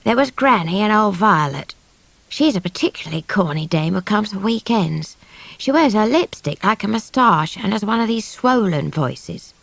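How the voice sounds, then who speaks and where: Woman doing offhand first-person audiobook narration, bouncy tone, a bit of fry. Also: medium pitch, lively intonation, normal speed, no echo. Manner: wry, slangy, offhand storytelling.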